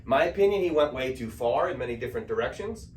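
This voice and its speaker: A man's voice: medium pitch, animated, fast, darkish tone, slight background noise. Man, lecturer, conversational, checks in with listeners, roomy echo, distant mic. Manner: conversational, frequent "okay?" check-ins. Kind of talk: spiritual lecture to an audience. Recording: echoey room, mic at a distance.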